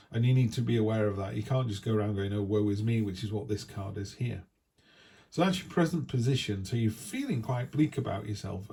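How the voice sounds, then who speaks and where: A man's voice: mid-range voice, gravelly, warm tone, slightly rough. A man giving a chatty, down-to-earth weekly tarot reading in a casual, reassuring way. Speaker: tarot reader.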